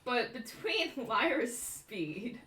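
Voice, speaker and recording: Woman DM narrating a tabletop game, bright and a bit high, rambling with fillers; echoey room, mic at a distance. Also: big pitch swings, takes it slowly. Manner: rambling, filler-heavy description. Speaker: dungeon master.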